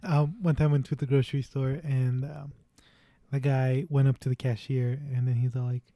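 A man's voice: mid-range voice, level tone, normal speed, warm tone, dry recording. A young man casually retelling a movie plot to friends, rambling, laughing and swearing as he goes.

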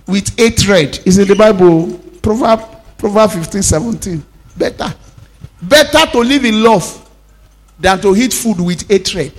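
A pastor preaches in a high, light voice, calling out to the congregation for responses and repeating key lines for emphasis. He talks in a way that moves between quick bursts and slow, drawn-out phrases. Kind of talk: sermon.

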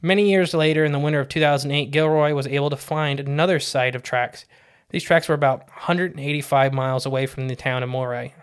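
A man's voice: a little high, fairly even intonation, fast talker, clear, resonant tone. A man co-hosting a podcast in casual chat, telling cryptid stories in a rambling, jokey way and correcting himself as he goes. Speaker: podcast co-host.

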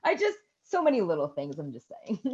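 A woman in her thirties co-hosting a podcast, casually retelling a movie scene by scene, swearing and shrieking the characters' yells. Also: mid-range voice, moderate pace, lo-fi sound. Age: 30s. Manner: animated storytelling with loud shrieks and swearing. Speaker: podcast co-host. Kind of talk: casual chat recapping a movie.

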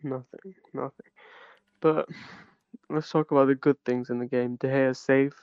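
Man, casual football podcast chat, blunt, animated, smooth resonant voice, dull lo-fi sound. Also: mid-range voice, unhurried, no room sound. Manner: blunt, animated, calls his co-host bro. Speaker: podcast co-host.

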